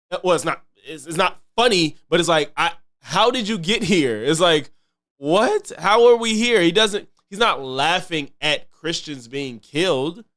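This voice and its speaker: A man's voice: fairly high pitch, a bit bright. A man commenting casually on a live stream, loose and chatty, repeating himself and thanking viewers. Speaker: streamer reacting to clips.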